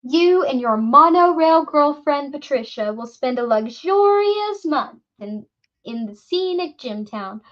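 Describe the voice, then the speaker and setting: Brief: woman playing young man hamming up a fake posh British host, loud and high, lo-fi audiobook sound. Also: animated, measured pace. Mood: mocking bluster. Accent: bogus plummy British. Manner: bellowing, mock-grand. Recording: dull lo-fi recording.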